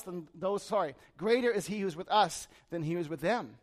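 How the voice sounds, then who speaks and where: Male preacher, high-pitched, retells scripture in casual modern talk. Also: moderate pace. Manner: acts out the frightened servant with sudden animated bursts. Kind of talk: sermon.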